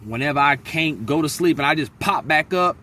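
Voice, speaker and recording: Vlogger, male, bright forceful tone, slightly raised pitch, blunt and profane, faint background noise. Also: a little fast. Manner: blunt, venting, profane, animated storytelling. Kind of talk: casual vlog monologue. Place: outdoors in a wooded area near a freeway.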